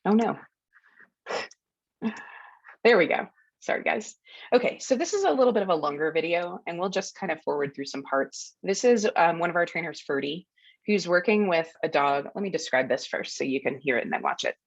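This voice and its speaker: Casting: relaxed woman workshop presenter, slightly low voice, dull lo-fi webinar audio. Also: a little fast, no room sound. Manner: friendly, explanatory, narrates clips with ums and laughs. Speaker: dog trainer presenting a workshop. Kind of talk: educational webinar talk over video clips.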